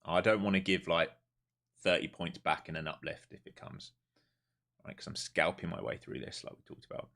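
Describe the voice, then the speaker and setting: A man streaming live as a day trader, giving running commentary to viewers, dropping to mutters and then rising into excited bursts. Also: sits low, moderate pace, creaky.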